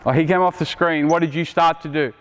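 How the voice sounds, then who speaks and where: A man's voice: a little high, fairly even intonation, a little fast, fairly bright tone, smooth. A middle-aged Australian man coaching players on court, quizzing them with blunt, joking asides. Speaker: basketball coach. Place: indoor basketball court. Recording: long hall reverb from a gym.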